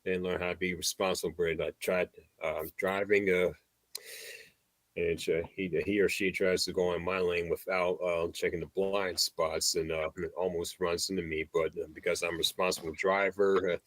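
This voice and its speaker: A man with a very deep voice chats on a livestream, stumbling through sentences with many pauses and repeats. The sound is dry, with no room behind it. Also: level tone, dry recording. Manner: halting, many uh fillers and repeats. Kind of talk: casual chat.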